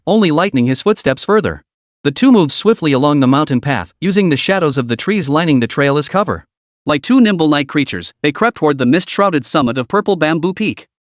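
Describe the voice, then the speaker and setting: Narrator: man, slightly high voice, steady scripted recap, dry close sound. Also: no echo. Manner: steady storytelling.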